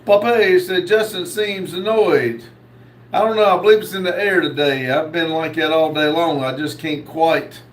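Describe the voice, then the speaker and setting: A man hosting a live stream, reading viewer comments aloud and answering them, with many pauses and fillers. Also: on the high side, reverberant, far from the mic, low-quality recording. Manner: slow, reads comments aloud with many uhs. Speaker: host reading live chat. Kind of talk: casual live stream chat.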